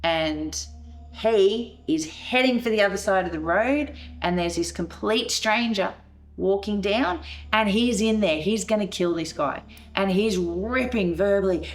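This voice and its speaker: A veteran's wife recounts a painful family story in a documentary interview, her medium-pitched voice animated but measured in pace. She acts out the scenes emotionally, her voice rising as she re-enacts them.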